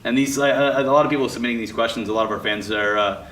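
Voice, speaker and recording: A man hosting a casual interview, talking in a relaxed way with lots of fillers. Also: medium pitch, quick pace. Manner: relaxed, many fillers and short agreements. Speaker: podcast host. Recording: roomy, a bit off-mic, faint noise.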